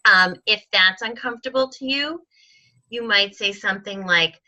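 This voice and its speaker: A woman's voice: mid-range voice, normal speed, sharp tone. A woman giving a casual training talk to her sales team, chatty with many ums, acting out sample conversations. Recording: dull lo-fi recording.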